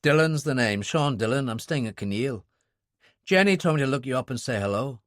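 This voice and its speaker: A man reading an audiobook, voicing a calm, watchful Irish man, a seasoned operative with a dry manner. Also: medium pitch, a little fast, no echo, lightly acted.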